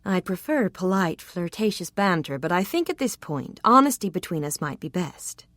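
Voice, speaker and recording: A woman voicing an eager, slightly bumbling young gentleman in an audiobook, earnest in manner. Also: fairly low pitch, big pitch swings, normal speed, no echo. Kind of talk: audiobook character reading.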